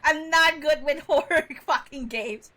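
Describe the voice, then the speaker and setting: A woman streamer giving live gameplay commentary, excitable, laughing and swearing as she plays. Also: high-pitched, measured pace.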